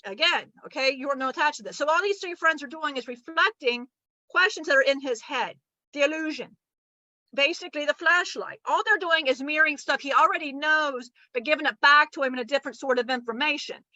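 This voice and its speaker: Bright, high-voiced woman channeling a teaching. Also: fairly quick, no room sound, poor audio. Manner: animated, blunt and profane, acting out quoted voices.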